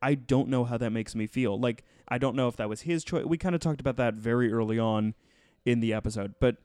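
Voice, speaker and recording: Male podcast host, mid-pitched, smooth clean voice, dry close sound, rambling with fillers. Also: brisk, a little mellow, dry recording. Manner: rambling, many fillers and restarts. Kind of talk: casual podcast chat reviewing a TV show.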